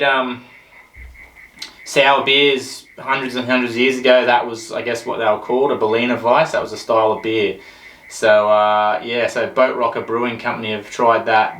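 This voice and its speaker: A man's voice: medium pitch, a bit bright, distant mic. Chatty man in an echoey room. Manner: chatty, rambling, jokey. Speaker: host of a beer review show. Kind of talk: casual beer tasting review. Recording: roomy echo, voice off-mic.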